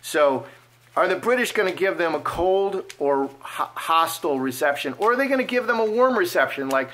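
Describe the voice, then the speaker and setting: A man giving casual fortune-telling commentary as he reads cards, animated and playful, acting out imagined speech. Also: fairly high pitch, moderate pace, slight background noise. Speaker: card reader.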